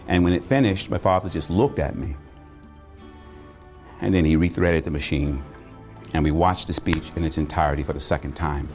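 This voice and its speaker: A male motivational speaker telling a personal story in a dramatic speech, deliberate with rhythmic repetition. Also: low voice, darkish tone.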